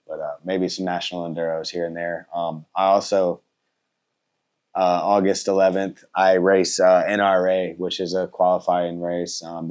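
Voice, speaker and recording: A man's voice: deep voice, a little mellow. A man of thirty answering interview questions in a casual, polite way, with many fillers and a trailing-off delivery. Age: 30s. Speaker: motorcycle racer and content creator.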